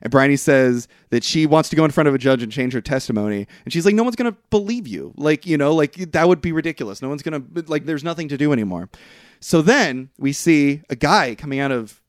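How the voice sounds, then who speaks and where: A man's voice: fast talker, dry recording, clean studio sound. A young man co-hosting a podcast, casually recapping a film plot and acting out the characters' lines with jumps in his voice. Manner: rambling, acts out quotes with pitch jumps. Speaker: podcast co-host. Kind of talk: casual movie recap chat.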